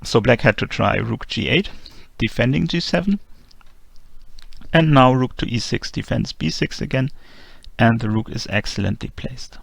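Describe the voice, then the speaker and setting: Male chess instructor, heavy vocal fry, dry close-mic read, methodical delivery. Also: mid-range voice, normal speed, no room sound. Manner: methodical, calm move-by-move explanation. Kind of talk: explanatory chess lesson narration.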